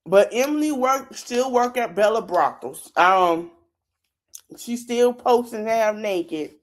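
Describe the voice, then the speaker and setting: A woman's voice: a little high, expressive, slow pace. A woman hosting a podcast, giving a casual, chatty recap of a reality show and talking straight to her listeners. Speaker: podcast host.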